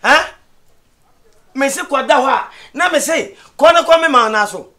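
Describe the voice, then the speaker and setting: An actor with a Ghanaian accent playing a father in a comedy series, swinging from loud scolding to low muttering. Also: animated, moderate pace, full character voice. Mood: agitated.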